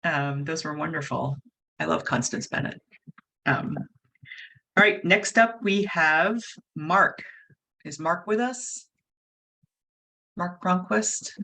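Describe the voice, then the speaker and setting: A woman with a low but bright, crisp voice hosts an online club meeting. She speaks briskly and in a friendly way over a video call. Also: animated, rough recording. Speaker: meeting host.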